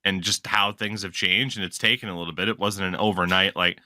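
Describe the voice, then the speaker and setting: A man hosting a casual hockey podcast, chatty and quick to laugh. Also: low voice, no room sound, clean studio sound. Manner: chatty, laughs often, animated storytelling. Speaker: podcast host.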